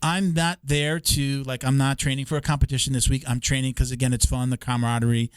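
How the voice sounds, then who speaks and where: A man's voice: medium pitch, level tone, fast, smooth, no room sound. A middle-aged man hosting a podcast, joking and wandering off on tangents. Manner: rambling, jokey, goes off on tangents. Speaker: podcast host. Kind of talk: casual podcast chat.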